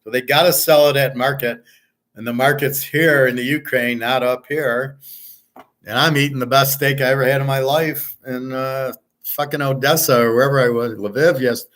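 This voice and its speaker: A man's voice: mid-range voice, fairly even intonation, normal speed, fairly bright tone. A middle-aged American man hosting a betting show, telling stories in a blunt, profane, heated casual rant. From United States. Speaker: sports betting show host. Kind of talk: casual ranting monologue.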